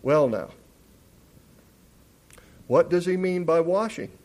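A man's voice: fairly high pitch, expressive, takes it slowly. A man preaching a sermon, emphatic and teacherly, asking questions and answering them. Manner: emphatic, rising loud on key words.

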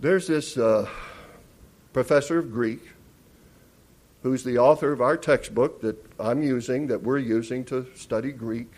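A man's voice: medium pitch, unhurried, pauses often. A man preaching a sermon, emphatic and teacherly, asking questions and answering them. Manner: emphatic, rising loud on key words.

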